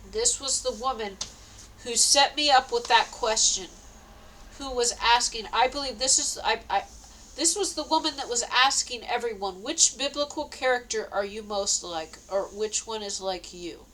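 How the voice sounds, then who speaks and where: A woman's voice: fairly high pitch, a little slow, sharp tone, a little hiss or hum, poor audio. A woman telling a personal story in a casual, rambling way, with many restarts and quoted exclamations. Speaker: vlogger.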